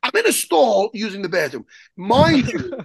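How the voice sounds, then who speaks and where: A man telling a story as a guest in an interview, excitable and profane, rambling and restarting his sentences. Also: high-pitched, moderate pace, vocal fry, husky, no echo. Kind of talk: animated storytelling in a podcast interview.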